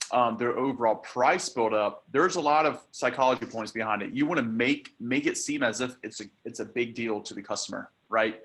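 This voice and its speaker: Man, sales trainer on a team call, casual coaching delivery, filler-heavy, middle pitch. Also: a bit bright.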